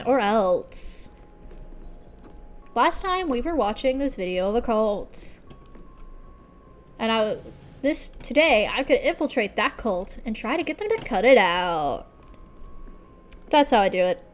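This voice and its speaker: A woman's voice: on the high side, lively intonation, measured pace, pauses often. A woman playing a generic, over-the-top YouTuber greeting her channel. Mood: hyped. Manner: shouty cheerful channel-intro delivery. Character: peppy generic YouTuber woman, loud and upbeat.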